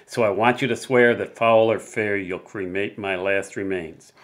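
A man's voice: on the low side, steady tone, normal speed, pitched below the performer's own voice, lightly acted. A man voicing a freezing, dying gold prospector who moans his last request in a poem reading. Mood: mournful pleading. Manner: moaning, pleading.

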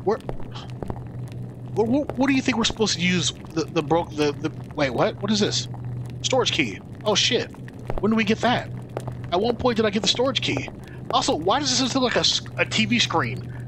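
A man streaming a video game, talking to chat with excitable, swearing commentary. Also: sits high, normal speed, background noise. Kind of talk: live gameplay commentary.

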